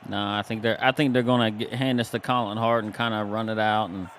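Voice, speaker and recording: A man's voice: on the low side, little pitch movement, fast talker, a bit bright, slight background noise. A man giving sports color commentary in a loose, rambling way, talking through his thoughts. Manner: rambling, full of fillers and restarts. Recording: music bed behind the voice. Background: background music.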